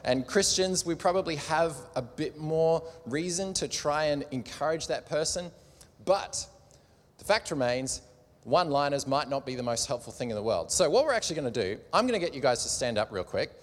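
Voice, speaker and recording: A man's voice: a little high, expressive, normal speed. A man preaching casually to a live audience in a large room, joking as he goes, with a slight cough. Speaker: preacher at a church gathering. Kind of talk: sermon with audience participation. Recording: long hall reverb.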